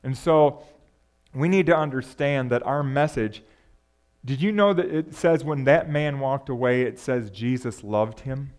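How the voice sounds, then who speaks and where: Male pastor, sermon, conversational preaching, rhetorical questions, mid-pitched voice. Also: unhurried, a little mellow.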